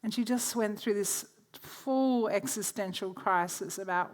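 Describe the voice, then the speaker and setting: A woman's voice: medium pitch, unhurried. A woman presenting a church workshop. She teaches through chatty personal stories and laughs easily.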